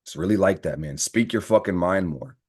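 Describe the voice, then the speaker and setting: Super deep voiced young guy doing a tarot reading, cursing a lot, gets all fired up and ranty. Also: brisk, breathy edge. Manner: fired-up, profane, ranting, swings into loud outbursts. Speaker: astrology and tarot reader. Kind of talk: tarot reading monologue to camera.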